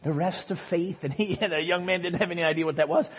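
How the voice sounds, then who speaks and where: A man preaching a sermon, telling a story with sudden swings between soft and loud passages, in front of a congregation. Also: sits high, fast, slightly rough, highs cut off. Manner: storytelling with dramatic swings in loudness and pace. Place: church service.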